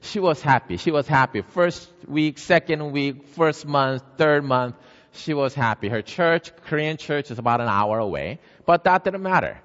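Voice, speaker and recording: Animated male preacher telling a story. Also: on the high side, unhurried. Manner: lively storytelling, acts out the characters. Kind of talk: storytelling sermon. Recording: dull sound, long hall reverb.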